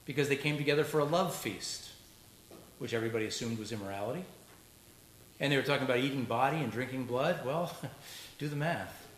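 This pastor's mid-range voice moves briskly but breaks into long pauses as he preaches in the church sanctuary. He addresses the congregation conversationally and slips in joking remarks. Captured in an echoey church with faint background noise.

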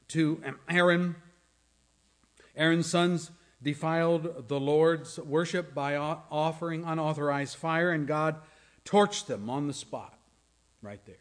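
A male pastor preaching a sermon, earnest and questioning, sometimes dropping to a near-whisper for emphasis. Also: a little high.

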